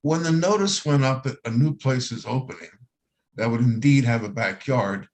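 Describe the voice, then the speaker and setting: A man's voice: mid-range voice, normal speed, a little mellow. A man on a community board committee asking blunt, pushing questions on a video call. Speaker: committee member. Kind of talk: meeting discussion.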